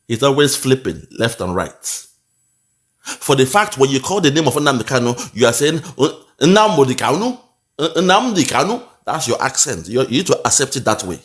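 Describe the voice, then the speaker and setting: A man's voice: mid-range voice, very animated, moderate pace, long pauses. A man with a Nigerian accent commenting on a video clip in a mocking, preachy way, slipping into pidgin.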